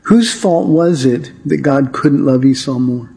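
A man teaching a Bible study in an earnest, emphatic way, slowing down to stress key words. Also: mid-range voice, creaky, warm tone. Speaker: Bible teacher and radio show host.

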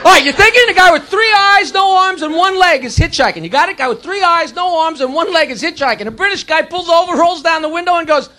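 A man doing stand-up, telling crude jokes with brash punchlines and quick put-on voices, in a live club with the audience heard. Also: very high-pitched, lively intonation, bright, forceful tone. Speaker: stand-up comedian. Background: crowd laughter.

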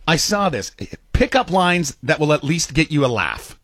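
A man's voice: sing-song, moderate pace, fairly bright tone, no echo, clean studio sound. A man in his forties co-hosting a radio show, bantering playfully and laughing often. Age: 40s. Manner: playful, laughs often, reads lines in a low mock voice. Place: radio studio. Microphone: studio microphone.

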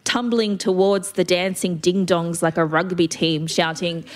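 A woman's voice: fairly low pitch, flat delivery, a little slow, very noisy. A woman reading a first-person story aloud with vivid expression.

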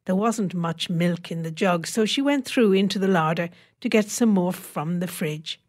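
A woman narrating a short story in a measured, wry storytelling voice. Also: lowish voice, darkish tone. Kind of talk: reading a short story aloud.

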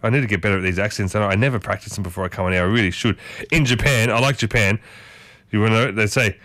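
A man's voice: on the low side, very fast, fairly bright tone, dry recording. A man hosting a breakfast radio show in casual, folksy chat, firing questions at his listeners. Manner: chatty and folksy, quizzes listeners with strings of questions.

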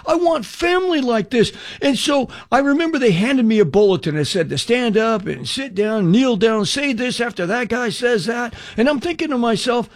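An older man giving a radio testimony sermon as an evangelist, telling his story in an animated way, acting out the dialogue and putting direct questions to the listener. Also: very high-pitched, moderate pace, few pauses.

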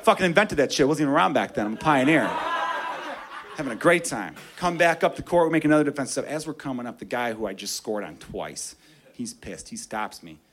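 A man's voice: medium pitch, lively intonation, a little fast, a bit bright, slight background noise. A man telling a story in stand-up, profane and self-mocking. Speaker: stand-up comedian.

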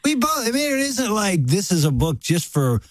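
Relaxed joking middle-aged man. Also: high voice, moderate pace, no room sound. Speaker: co-host. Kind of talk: casual chat.

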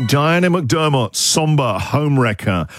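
A man's voice: a little high, lively intonation, slow. A man hosting a radio show in casual banter, joking, laughing often and mimicking song lines. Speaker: radio host. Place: radio studio. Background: music bed.

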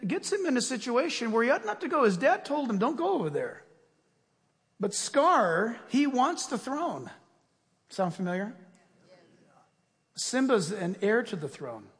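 A male pastor delivering a sermon and then a fervent, loud closing prayer. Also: high-pitched, long reverb tail.

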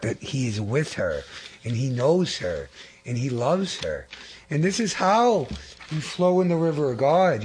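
A man's voice: medium pitch, a little hiss or hum. A young man giving an earnest, rambling testimony in a sermon, full of fillers and restarts. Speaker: lay preacher giving testimony.

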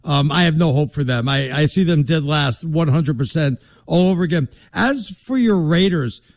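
A brash man trades jabs in a casual sports debate, his voice sitting a touch high. He talks in an emphatic, mocking way, like a host who calls himself an entertainer. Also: animated, moderate pace. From Connecticut.

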